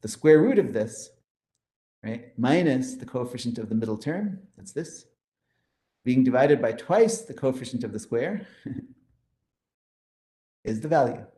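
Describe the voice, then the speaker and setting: Speaking a little slowly and pausing often, a man with a warm, expressive mid-range voice gives a math lecture in an echoey room. He points to his slides and explains formulas with enthusiasm, counting each step out.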